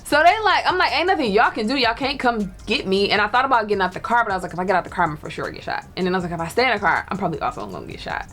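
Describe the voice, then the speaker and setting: Animated woman telling a story. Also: mid-range voice, racing, hardly any pauses. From Detroit. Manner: animated, laughs often, acts out quotes. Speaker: storyteller guest. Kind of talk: casual storytelling.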